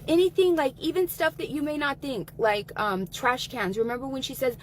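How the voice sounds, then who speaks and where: A woman's voice: sits high, normal speed, a little hiss or hum, poor audio. A woman talking angrily and emphatically on a livestream, swearing often as she vents. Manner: angry, profane, emphatic. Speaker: guest. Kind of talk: heated livestream talk.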